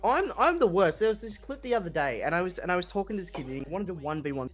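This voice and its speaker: A young man with an Australian accent, a guest in casual chat, telling profane stories in an animated way. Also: high voice, fast, faint music behind.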